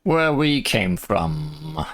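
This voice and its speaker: A woman commentating on her gameplay with dry, deadpan quips. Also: extremely low pitch, extremely slow. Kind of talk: let's play commentary. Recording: over game music.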